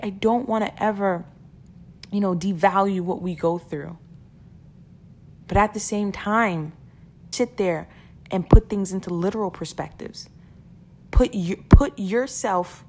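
A woman talking casually and earnestly to her listeners about keeping perspective, often repeating words and laughing between points. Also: mid-range voice. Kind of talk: casual motivational talk.

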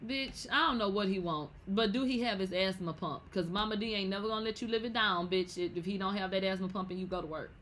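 A woman with a bright, sharp voice dishing celebrity gossip. She talks brashly and swears freely. Her casual commentary keeps erupting into loud outbursts. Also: mid-range voice, fast talker, hardly any pauses, slight background noise. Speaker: gossip vlogger.

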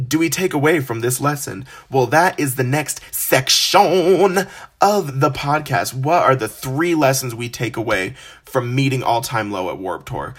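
Young male podcast host, casual storyteller, animated and self-deprecating. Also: mid-range voice. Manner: animated, self-deprecating, acts out quoted voices.

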